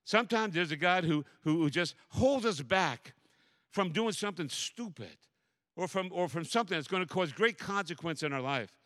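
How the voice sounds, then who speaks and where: A man preaching as a pastor in a church, telling a story with animated, repetitive preaching cadence. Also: sits high, normal speed, no room sound, studio quality. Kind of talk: sermon.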